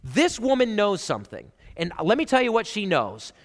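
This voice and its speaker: A male pastor preaching a conversational sermon in a church, animated and chatty, full of "like" and "right?" asides. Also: sits high, moderate pace. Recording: reverberant church hall.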